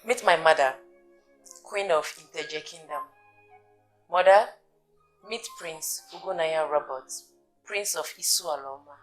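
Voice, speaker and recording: A woman's voice: sits low, measured pace, pauses often, faint music behind, rough recording. An actress playing a young princess who formally introduces a prince to her mother. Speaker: princess, queen's daughter. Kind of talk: film drama acting.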